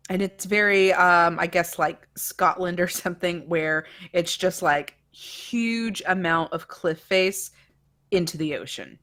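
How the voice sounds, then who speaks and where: A woman's voice: lowish voice, measured pace, fairly bright tone. A woman narrating a tabletop game as game master, describing scenes unhurriedly with fillers like "um".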